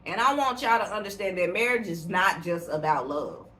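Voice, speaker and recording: A woman's voice: on the low side, normal speed, a bit bright. A young woman co-hosting a podcast, talking bluntly and animatedly with lots of swearing. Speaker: podcast co-host. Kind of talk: casual podcast chat. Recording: roomy, distant mic, faint hiss.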